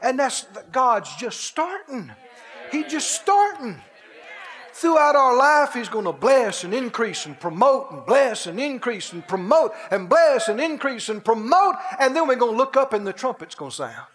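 Male preacher, very high voice, swooping and animated delivery, exuberant, given to laughing shouts. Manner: drawn-out, emphatic phrasing. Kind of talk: sermon.

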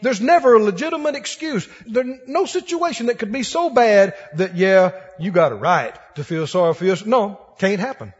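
A man's voice: high voice, lively intonation, moderate pace, hardly any pauses, husky, muffled recording. A man preaching a sermon to a congregation, fervent and repetitive, building emphasis, recorded in a hall.

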